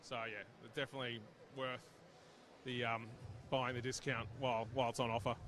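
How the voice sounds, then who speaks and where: A plain-spoken man, a sales rep for animal health products, talks in a low-key and slightly hesitant way about his range at a trade show. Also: level tone, a little fast, fairly bright tone, a little hiss or hum. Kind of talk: casual product chat.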